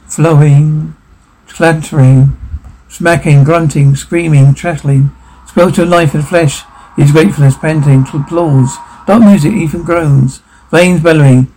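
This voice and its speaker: A man reading out a video's on-screen captions, moving in a flat, running way between spoken lines and sound cues. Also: on the high side, unhurried, creaky, soft background music, rough recording. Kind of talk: reading out captions and dialogue aloud.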